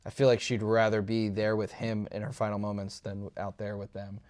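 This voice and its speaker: A young man co-hosting a casual movie review podcast, retelling scenes in an animated, jokey way. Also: on the low side, brisk. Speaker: podcast co-host.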